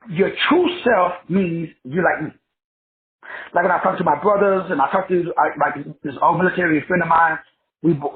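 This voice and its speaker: A middle-aged life coach with a slightly high voice gives a casual motivational talk full of slang and profanity, imitating the voices of people he describes. The audio sounds tinny, like a phone.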